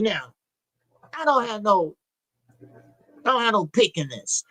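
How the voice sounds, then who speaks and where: A man's voice: high voice, very animated, unhurried, sharp tone, dry recording, rough recording. A man hosting a live boxing talk stream, reading chat messages and talking in a loose, slangy, repetitive way. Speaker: boxing show host.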